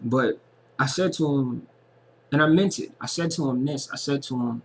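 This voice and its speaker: A man's voice: medium pitch, normal speed. A man giving an earnest, casual personal monologue as a vlogger, and he repeats phrases for emphasis.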